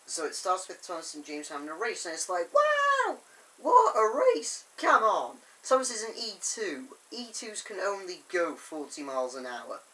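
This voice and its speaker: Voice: mid-range voice, fairly bright tone, rough recording. Rambling fan reviewer. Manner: enthusiastic, chatty, with many fillers. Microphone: camera on a tripod.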